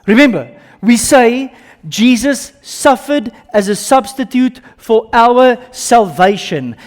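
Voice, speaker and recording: A man with an Afrikaans accent, a native Afrikaans speaker from South Africa, preaching a sermon with dramatic swings from loud bursts to hushed lines. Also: very high voice, animated, slow. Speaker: pastor. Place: church service.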